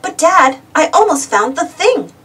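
A woman voicing an eager, excitable young boy in a read-aloud storybook. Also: very high voice, a little slow, far from the mic, a little hiss or hum, pitched above the performer's own voice, full character voice. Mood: pleading. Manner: pleading and excitable.

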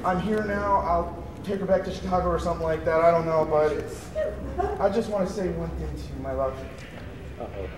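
Man doing a cocky young lover, high and bouncy, in an echoey crowded hall. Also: brisk, long pauses, background noise, natural voice. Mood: hammy. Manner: loud, joking, hammy. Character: cocky young lover Romeo, smooth-talking. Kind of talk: improv skit.

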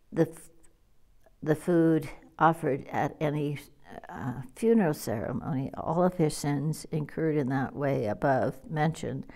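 A woman's voice: sits low, gravelly, warm tone. A woman reading as a stern old sage. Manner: solemn, measured reading. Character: stern old male sage laying a curse. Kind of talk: scripture reading.

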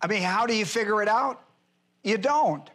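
A man's voice: high-pitched, animated, moderate pace, a bit bright. A male pastor teaching a Bible lesson who repeats key phrases for emphasis, spells out Greek words letter by letter and speaks to his listeners directly in plain, informal grammar.

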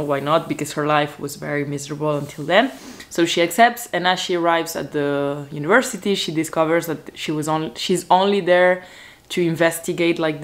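A woman vlogger chatting casually about books to a camera at home, excitable and full of "like" fillers. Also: low voice. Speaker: book vlogger. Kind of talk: casual book chat to camera.

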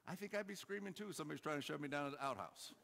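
A man preaching a sermon, telling a story and urging his church, moving between loud calls and quiet asides. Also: fairly high pitch, rapid-fire, creaky, big-room sound. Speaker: pastor. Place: church hall.

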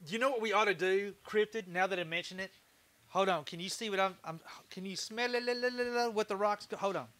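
A Texan man hosts his woodworking livestream in a loose, laid-back chat, laughing easily and tossing in casual swears. His voice sits high for a man and rings bright and forward. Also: fairly quick. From Texas. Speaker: livestream host, woodturner.

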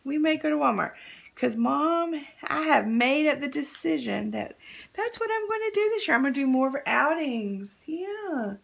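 A woman's voice: high voice, animated, normal speed, gravelly, a bit bright. A young woman talking baby talk to a doll, doting and sing-song, repeating words over and over. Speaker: vlogger playing with a baby doll.

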